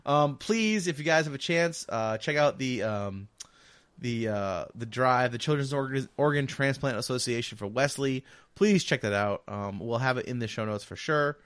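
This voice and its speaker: A man's voice: medium pitch, expressive, normal speed, fairly bright tone, smooth, dry recording. A man co-hosting a casual podcast, talking loosely with lots of fillers and restarts. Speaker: podcast co-host.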